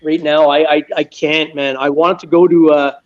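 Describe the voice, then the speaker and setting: Canadian man, guest detectorist, animated storyteller, high pitch, muffled call audio. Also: normal speed. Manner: animated storyteller, acts out his own yelling. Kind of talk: casual storytelling on a live stream.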